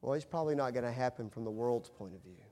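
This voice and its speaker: A middle-aged pastor, a man, preaching with animated storytelling that swings from hushed to loud. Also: medium pitch, fast. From United States. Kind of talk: sermon.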